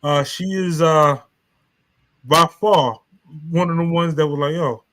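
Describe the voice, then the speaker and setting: A man talks casually on a live stream, his voice sitting a little high. He rambles loosely, circling back and restarting his sentences, and uses plenty of street slang. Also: fairly even intonation, unhurried, a bit bright, poor audio. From New York. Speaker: author and live stream host.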